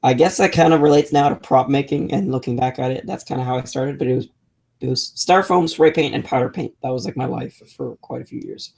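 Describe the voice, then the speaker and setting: A man's voice: medium pitch, quick pace, creaky, darkish tone. Man telling rambling stories, casual. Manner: rambling storyteller, many restarts. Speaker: podcast co-host. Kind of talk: casual chat.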